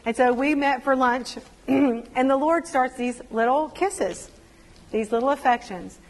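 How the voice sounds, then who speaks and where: Animated woman preaching in a hall. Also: high voice, unhurried. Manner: animated storytelling, acts out quotes. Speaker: women's ministry speaker. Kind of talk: personal testimony sermon.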